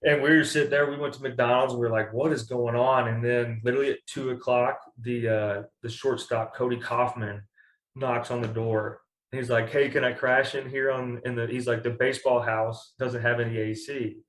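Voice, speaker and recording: A man's voice: mid-range voice, level tone, moderate pace. Young guy from kentucky rambling through a story, lots of likes, echoey room. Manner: rambling, full of "like" and restarts. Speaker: baseball pitcher, guest. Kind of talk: casual storytelling interview.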